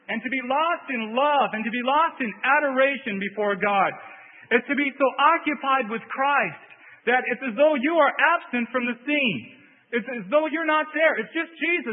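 A man with a very high voice delivers an earnest sermon, hammering his points with repetition. The sound is thin and phone-like. A long hall reverb trails his words. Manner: earnest, repetitive emphasis with "see". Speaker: preacher.

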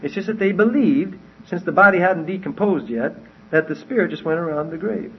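A man with a somewhat high, husky voice walks through a Bible passage verse by verse. He talks in a conversational way and keeps asking his listeners questions. The recording sounds dull and lo-fi. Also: expressive, a little fast. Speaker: Bible teacher.

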